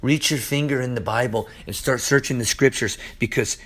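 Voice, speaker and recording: A man preaching in an excited, informal way, laughing often and repeating lines for emphasis as the host of a Bible teaching show. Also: mid-range voice, moderate pace.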